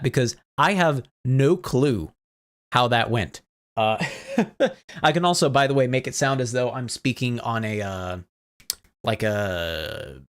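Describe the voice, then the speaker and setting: While streaming a game, a man with a mid-range, slightly bright voice chats casually and rambles as he sorts out audio problems with his chat. He laughs often throughout this relaxed live-stream talk.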